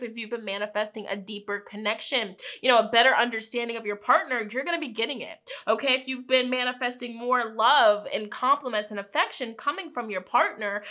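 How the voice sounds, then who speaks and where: A woman reads tarot cards in a bright, forceful voice that sits a little high. Her delivery is chatty and encouraging, and she keeps tossing in "okay?" and "you know" as she goes. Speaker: tarot reader. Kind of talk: upbeat tarot reading.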